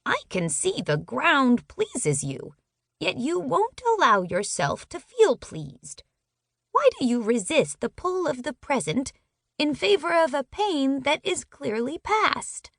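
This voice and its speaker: A woman narrator voicing a wise talking purple bird in an audiobook, with a squeaky, slow and gentle voice. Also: sing-song, gravelly, no room sound, clean studio sound, heavily acted. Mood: gently wise.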